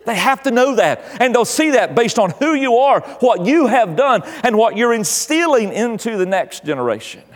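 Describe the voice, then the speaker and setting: A man's voice: high-pitched, long reverb tail. An older man preaching a sermon as pastor, his delivery swelling and dropping in volume. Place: church.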